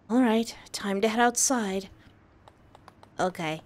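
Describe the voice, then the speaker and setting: A woman's voice: mid-range voice, animated, unhurried. A woman hosting a game playthrough, commenting playfully with sing-song calls. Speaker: let's play host. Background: game music.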